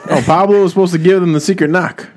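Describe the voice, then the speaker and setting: A man co-hosting, narrating an improvised comedy story in a fairly deadpan way. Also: high voice, fast talker.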